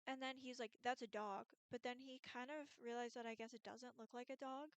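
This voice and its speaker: A woman's voice: high-pitched, steady tone, a little fast, clean tone, dry recording. A young woman from Pennsylvania chatting casually to camera on her vlog, with lots of ums and likes. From Pennsylvania, USA. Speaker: YouTuber.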